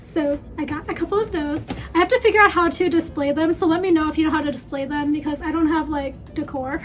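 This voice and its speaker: A woman's voice: high-pitched, steady tone, quick pace. A woman chatting casually through a haul video at home, rambling with lots of fillers and a bit out of breath. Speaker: beauty vlogger.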